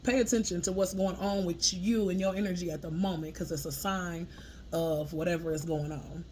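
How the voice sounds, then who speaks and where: A woman's voice: fairly low pitch, fairly even intonation, normal speed, a little mellow, a little hiss or hum. Casual laughing woman medium reading messages. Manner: informal, frequent laughter, swears casually, talks through her notes. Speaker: spiritual medium sharing channeled messages.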